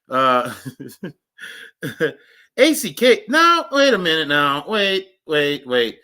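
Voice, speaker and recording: A man hosts his own livestream, rambling and joking with his few viewers and laughing often. His voice is bright and fairly high for a man. It jumps between loud bursts and low mutters. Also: big pitch swings, slow, long pauses. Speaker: livestream host. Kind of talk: casual livestream chat.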